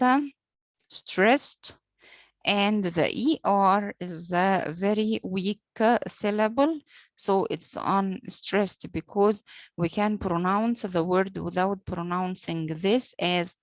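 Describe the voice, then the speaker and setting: A woman teacher whose first language is Arabic, explaining English poetry meter slowly, pausing often with "uh" and spelling out letters, following British pronunciation. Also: medium pitch, no room sound. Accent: British-leaning English pronunciation. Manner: slow and deliberate, frequent "uh" pauses, spells out letters. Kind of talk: slow explanatory lecture.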